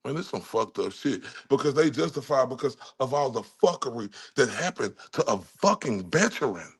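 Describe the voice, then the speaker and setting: Male streamer from Dallas with a gravelly voice, ranting angrily and swearing constantly. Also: medium pitch, big pitch swings, moderate pace. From Dallas, Texas. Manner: furious, heavily profane ranting. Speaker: livestream host. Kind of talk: angry profane livestream rant.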